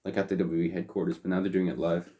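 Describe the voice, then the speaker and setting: Deep-voiced young guy casually recapping wrestling. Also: flat delivery, rapid-fire, dark tone. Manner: swearing, offhand, trails off with fillers. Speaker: podcast co-host. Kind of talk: casual chat.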